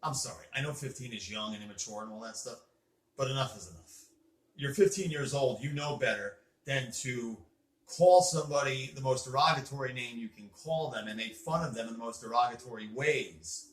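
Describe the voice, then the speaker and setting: A man's voice: mid-range voice, fairly quick. A man hosting a casual chat with a child, explaining things in an earnest, lecturing way while sitting on a bed indoors. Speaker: host. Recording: roomy echo.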